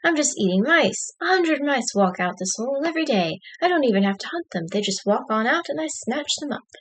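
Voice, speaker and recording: A woman's voice: sits high, lively intonation, a little fast, breathy edge. A woman voicing a fat, lazy male python who is smug and content and repeats himself in a chatty way, read from a storybook game.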